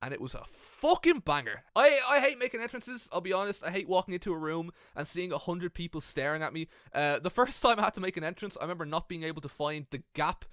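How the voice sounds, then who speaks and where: A young Irish man giving comedic, sweary advice about wrestling commentary in an animated vlog, speaking into a gaming headset. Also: high-pitched, fast talker, few pauses, dry recording, studio quality. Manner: animated, sweary, self-mocking.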